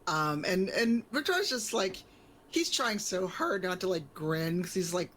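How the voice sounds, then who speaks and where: A woman's voice: lowish voice, lively intonation, unhurried, a bit bright. A woman playing in a tabletop game, describing her character's thoughts in a rambling, chatty way. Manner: rambling, full of likes and ums. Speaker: player. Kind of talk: casual tabletop play.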